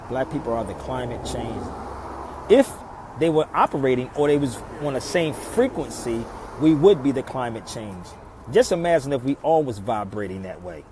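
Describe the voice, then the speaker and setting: A man talking casually to his live stream viewers from outside in his old neighborhood, preaching, firing off rhetorical questions and swinging between loud and soft. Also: medium pitch, animated, normal speed, background noise. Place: outdoors in a city neighborhood.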